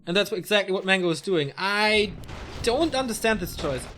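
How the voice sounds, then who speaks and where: Lively, chatty male esports caster. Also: high voice, brisk, a little hiss or hum. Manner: chatty, joking asides between play calls. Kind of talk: solo play-by-play game commentary.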